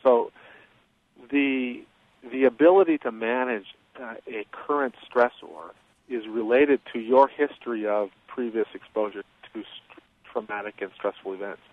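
A man's voice: mid-range voice, no room sound. Man explaining over a tinny line. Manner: measured, explanatory, many fillers. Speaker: guest expert on childhood trauma. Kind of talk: interview explanation. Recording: tinny phone-line sound.

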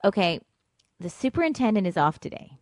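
Woman doing a helpful young guy yelling up from an alley, kinda raised voice. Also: medium pitch, very animated, a little fast, no echo, clean studio sound, lightly acted. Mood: matter-of-fact. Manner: raised, calling upward.

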